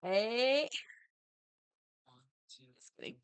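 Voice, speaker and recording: A woman's voice: fairly high pitch, lively intonation, very slow, clean tone, muffled recording. Playful woman chatting on a livestream. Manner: chatty, playful, reads chat aloud. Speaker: livestream host. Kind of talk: casual livestream chat while drawing.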